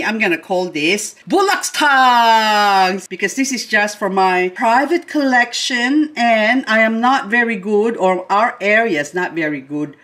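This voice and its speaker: A middle-aged woman hosts a casual unboxing vlog for her gardening channel. Her voice sits at an average pitch, and she gushes, exclaims and laughs easily as she talks. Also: a bit bright. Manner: gushing, exclamatory, laughs often.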